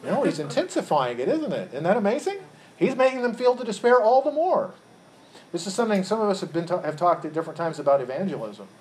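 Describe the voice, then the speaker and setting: Male Bible teacher, slightly raised pitch, asks the group questions and circles back over his words. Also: big pitch swings, fast, darkish tone. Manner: quizzes the group, repeats words when rephrasing. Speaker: Bible study leader.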